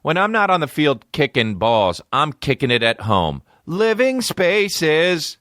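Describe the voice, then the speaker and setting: A cheesy male soccer star sells furniture in a bright, sing-song pitch, drawing the words out slowly. A man spoofs him. It is recorded close and dry. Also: big pitch swings, dry recording.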